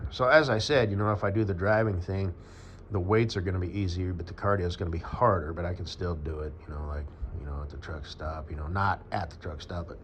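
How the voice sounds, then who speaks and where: An American man from the United States rambles crudely to his audience in a monologue packed with fillers and asides. His voice sits low, and the dull lo-fi recording has a little hiss or hum plus faint background ambience.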